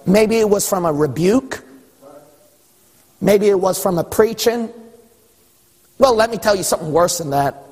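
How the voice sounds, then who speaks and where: A man preaching a sermon as pastor, animated, acting out exchanges with God. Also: sits high, unhurried, pauses often, breathy edge. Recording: echoey hall with long reverb.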